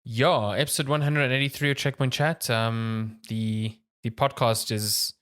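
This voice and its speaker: A man's voice: medium pitch, steady tone, a little slow, a bit bright, smooth. A man of thirty co-hosting a gaming podcast, rambling in casual chat, trailing off mid-thought and swearing offhandedly. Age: 30s. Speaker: podcast co-host.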